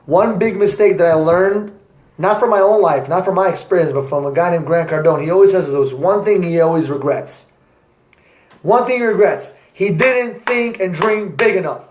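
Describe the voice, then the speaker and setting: A young man, an entrepreneur, giving an energetic motivational talk to camera with repetitive, punchy phrasing. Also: high-pitched, moderate pace. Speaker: entrepreneur vlogger. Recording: echoey room.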